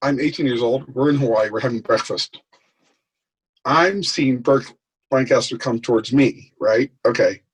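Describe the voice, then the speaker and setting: A man telling lively anecdotes as a guest in an interview, acting out the people in his stories. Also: mid-range voice, normal speed, a little hiss or hum, poor audio. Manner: animated anecdote telling, acts out quoted voices. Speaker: guest, author. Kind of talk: storytelling in a podcast interview.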